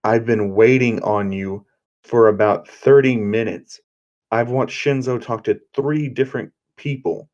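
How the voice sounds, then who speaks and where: A man's voice: medium pitch, measured pace, darkish tone, muffled recording, close to an everyday voice. A man voicing a blunt, moody young woman. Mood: irritated. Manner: blunt, scolding. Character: moody young woman, sharp-tongued partner.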